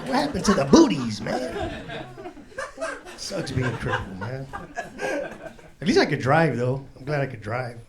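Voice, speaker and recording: This stand-up comic from Chicago's South Side, in his forties, speaks in a mid-range voice at a measured pace, with big pitch swings and long pauses. His club set is full of loose, profane street talk, and he laughs through his punchlines while the audience laughs in the background.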